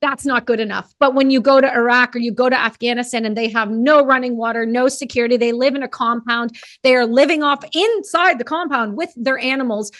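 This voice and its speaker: A blunt, fired-up woman hosting a podcast, with a fairly high voice. She talks emphatically, swearing casually. The sound is close and dry, with no room echo. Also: a little fast, a bit bright. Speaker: podcast host. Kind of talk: casual interview chat.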